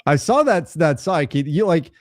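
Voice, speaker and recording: Male podcast co-host, mid-pitched, dry close sound, lively teasing delivery. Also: moderate pace, no room sound. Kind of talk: casual podcast chat.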